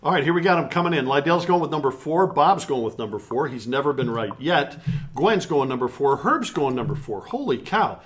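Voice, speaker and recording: A middle-aged man co-hosts a relaxed live stream, bantering with his partner and reading out viewer comments. His tone is playful and teasing, with a mid-range voice. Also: medium pitch, brisk. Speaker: co-host of a live stream show. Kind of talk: casual joking live-stream chat.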